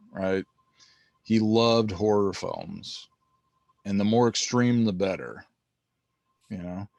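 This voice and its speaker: A man's voice: lowish voice, creaky, no room sound. A man hosting a casual, profane chat, laid-back and laughing often. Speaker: host.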